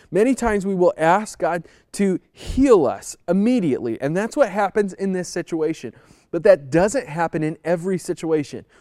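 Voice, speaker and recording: A man's voice: sits high, dark tone, no echo. Earnest man preaching in a dry room. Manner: earnest, pleading emphasis. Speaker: pastor. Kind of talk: conversational sermon.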